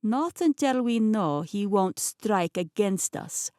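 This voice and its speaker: A woman voicing a scheming, smooth-talking man with a Russian accent, speaking in a slow, patronizing way. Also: mid-range voice, lively intonation, a little mellow, no room sound, clean studio sound. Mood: persuasive.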